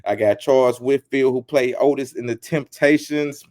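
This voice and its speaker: A man's voice: mid-range voice, moderate pace, a little mellow. A man hosting his channel, retelling a story with teasing jokes, repeating lines and acting out quotes. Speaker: channel host. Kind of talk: animated storytelling commentary.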